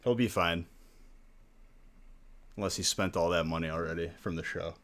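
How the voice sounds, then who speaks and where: A man's voice: deep voice, fairly even intonation, moderate pace, a bit bright, slight background noise. A man hosting a live stream, ranting in casual chat and saying "like" a lot. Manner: ranting, heavy use of "like". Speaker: stream host.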